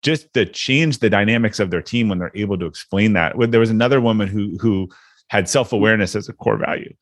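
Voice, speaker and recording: A man's voice: fairly low pitch, no room sound, clean studio sound. A man hosting a podcast, casually explaining workplace ideas with examples. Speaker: podcast host. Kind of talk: casual chat.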